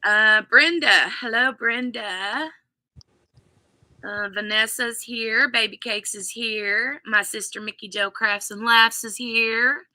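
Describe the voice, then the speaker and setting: A woman's voice: on the high side, slow pace, sharp tone, no echo. A woman hosting a casual live stream, chatting and greeting viewers by name. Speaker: livestream host.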